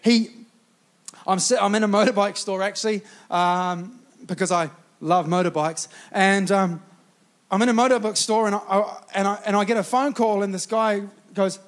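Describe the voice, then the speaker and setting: A man with a New Zealand accent preaching a sermon, fervent and quick to chuckle, often rallying the room with "come on". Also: sits high, steady tone. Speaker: pastor.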